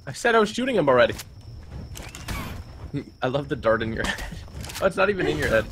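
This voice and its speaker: A young man co-playing a game, quick and directive with a joking streak. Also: on the high side, sing-song. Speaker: co-host gamer. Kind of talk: casual co-op game commentary. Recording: noisy background.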